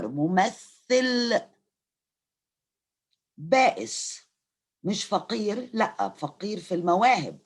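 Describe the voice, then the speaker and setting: A woman's voice: medium pitch, sing-song, moderate pace, pauses often, slightly rough. A middle-aged Egyptian woman, a native Arabic speaker, giving a university literature lecture. She reads verse aloud, then explains each line and glosses it in Arabic.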